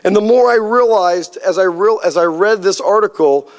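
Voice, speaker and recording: A man preaching a sermon, telling a lively personal story and acting out the dialogue. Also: high-pitched, moderate pace. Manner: storytelling, animated, acts out quoted dialogue. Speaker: pastor.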